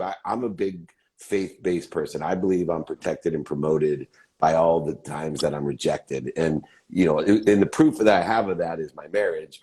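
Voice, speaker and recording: A man's voice: low voice, darkish tone. A man in his fifties co-hosting a podcast from a hotel hallway, enthusiastic and swearing casually, joking about himself. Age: 50s. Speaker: podcast co-host. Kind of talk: casual interview chat.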